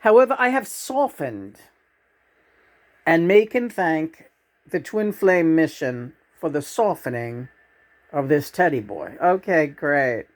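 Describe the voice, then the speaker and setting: A middle-aged man co-hosting a YouTube channel, chatting casually with lots of halting restarts. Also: a little high, animated. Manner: slow, halting, full of restarts. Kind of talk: casual chat to camera.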